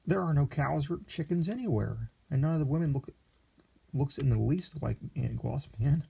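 A man's voice: a little high, expressive, moderate pace, creaky, dark tone, breathy edge, voice pushed up, exaggerated voice. A man voicing a meek, naive young man from the country, eager and wide-eyed.

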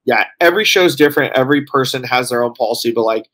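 A man's voice: medium pitch, fast talker, fairly bright tone. A tired man co-hosting a casual podcast chat, rambling along with lots of fillers as he reports back. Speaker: co-host reporting from a convention.

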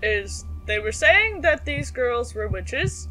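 A woman's voice: on the high side, sing-song, takes it slowly. A young woman chatting casually as she plays through a horror game, reacting aloud to each action. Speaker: gameplay streamer. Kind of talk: casual let's-play commentary. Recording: faint game music behind her.

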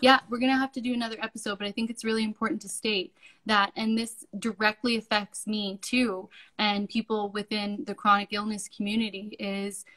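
A woman's voice: mid-range voice, little pitch movement, fairly quick, fairly bright tone, rough recording. A woman from Canada co-hosting a podcast, speaking earnestly and emphatically, sometimes bluntly. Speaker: podcast co-host. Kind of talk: casual chat.

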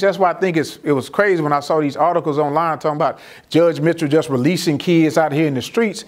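Speaking quickly, a middle-aged juvenile court judge with a somewhat high voice entertains a community audience by acting out his own courtroom dialogue. His exclamations shoot up in pitch, while the children's replies come out low and soft.

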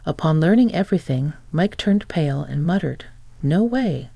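A woman's voice: low-pitched, fairly quick, vocal fry, mellow, no room sound. Sarcastic woman narrating a revenge story. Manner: sarcastic, mocking. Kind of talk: scripted first-person story narration.

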